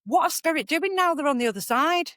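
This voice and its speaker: A middle-aged woman, a psychic medium guest on a podcast who talks in a lively, chatty storytelling way. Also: sits high, quick pace, no echo, clean studio sound. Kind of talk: casual podcast conversation.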